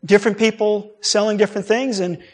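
A middle-aged preacher with a notably high voice, giving a sermon. He tells stories in an animated way and acts out the people he quotes, and his speech rises and falls with the story. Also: fairly quick.

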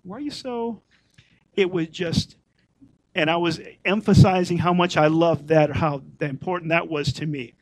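Middle-aged male teacher with a higher voice who chats his way through scripture and hammers home key points by repeating them, on a dry recording. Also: fairly even intonation, normal speed, no echo, poor audio. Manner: conversational, repeats points for emphasis. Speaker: Messianic Torah teacher. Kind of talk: informal Torah teaching.

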